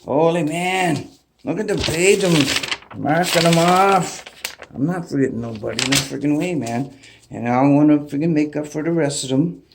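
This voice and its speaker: A man with a high voice talks casually to his channel in a rambling, animated way. He sounds like he is in his thirties. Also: measured pace, gravelly, heavy background noise. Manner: rambling, animated, greets each name warmly. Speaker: channel host. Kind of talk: casual shout-out vlog.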